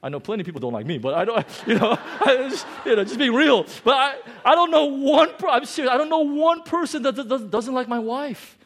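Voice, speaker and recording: High-voiced animated man preaching. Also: quick pace, few pauses, a little hiss or hum. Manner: animated, self-deprecating storyteller with restarts. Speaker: pastor. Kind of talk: sermon storytelling.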